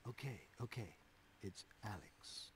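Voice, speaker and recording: A man voicing a calm undercover agent in a video game, speaking in a steady, reassuring way. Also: fairly low pitch, measured pace, slight background noise.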